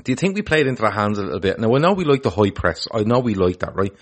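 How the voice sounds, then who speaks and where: A man talks football in a quick, tumbling stream, opinionated and blunt, cursing freely. His voice sits low and he rarely slows down. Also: husky. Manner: animated, opinionated, swears freely. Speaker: podcast co-host. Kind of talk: casual football chat.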